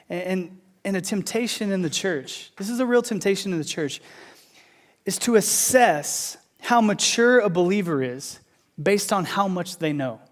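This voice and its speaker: A man in his thirties preaching a sermon as pastor, telling animated, conversational stories. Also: high voice.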